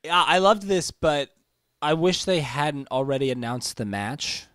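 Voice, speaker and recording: A man's voice: fairly high pitch, lively intonation, a little slow, fairly bright tone, clean tone, no room sound, clean studio sound. A man co-hosting a casual chat show, easygoing and playful. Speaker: podcast co-host.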